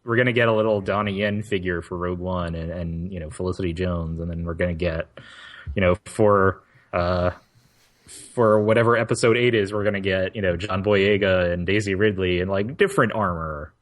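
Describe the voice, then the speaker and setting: A man with a low voice co-hosting a casual podcast. He talks in a relaxed, rambling manner, circling back and letting sentences trail off into fillers. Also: a little fast. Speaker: podcast co-host. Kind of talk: casual chat.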